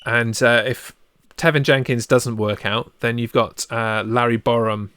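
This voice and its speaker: A man in his thirties, co-hosting a sports podcast and telling stories in an excitable, animated way. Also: mid-range voice, measured pace, heavy background noise. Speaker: podcast co-host. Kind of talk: casual sports podcast chat.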